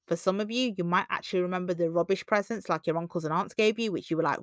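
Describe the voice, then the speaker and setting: A woman's voice: animated, quick pace, hardly any pauses, no echo, clean studio sound. A woman hosting a self-help podcast, talking conversationally and acting out quoted voices. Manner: conversational, acts out quoted voices with big pitch jumps. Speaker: podcast host.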